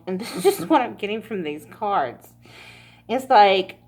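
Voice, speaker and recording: A woman's voice: medium pitch, expressive, a little slow, a little mellow. A woman giving a casual pick-a-card tarot reading, chatty and laughing often, with frequent swearing. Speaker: tarot reader.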